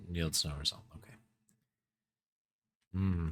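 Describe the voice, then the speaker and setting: A man's voice: low voice, slow pace, long pauses, fairly bright tone. A man casually commenting on an adventure game, reading text aloud, playfully muttering and humming. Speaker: let's play streamer.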